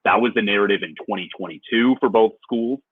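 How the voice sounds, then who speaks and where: Husky-voiced man on a tinny line. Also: lowish voice, fast, no room sound. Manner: animated, laughs easily, restarts often. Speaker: podcast co-host. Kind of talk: casual sports chat.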